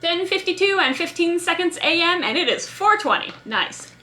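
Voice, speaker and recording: A woman's voice: very high-pitched, lively intonation, normal speed, bright, forceful tone. A young woman chatting in a scattered, self-mocking way in a casual vlog, talking to the camera while she cooks. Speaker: vlogger.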